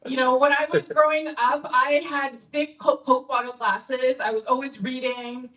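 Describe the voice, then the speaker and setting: Young canadian woman doing stand-up in a club, teasing the crowd, high voice, sounds kinda far off. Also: fairly even intonation, moderate pace, a bit bright. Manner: brash, teasing crowd work, lots of "okay?". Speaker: stand-up comedian. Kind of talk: stand-up comedy set with crowd work. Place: comedy club stage.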